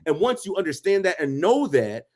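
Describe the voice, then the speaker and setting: A man co-hosting a casual advice podcast, speaking a little higher than most men. He preaches his points with emphatic repetition. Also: very animated, normal speed, darkish tone. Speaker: podcast co-host.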